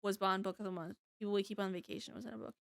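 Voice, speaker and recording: A woman's voice: medium pitch, steady tone, very fast, gravelly, no room sound. Stuffy-nosed young woman laughing thru a podcast chat, dry sound. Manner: giggly, laughs often. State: congested. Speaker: podcast co-host. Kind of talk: casual chat.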